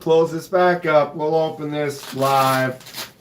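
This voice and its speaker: A man with a hoarse voice hosting a casual live stream from his home knife room, laid-back and chatty, often clearing his throat. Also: on the high side, steady tone, slow pace, a bit bright, reverberant, slight background noise. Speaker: knife channel host.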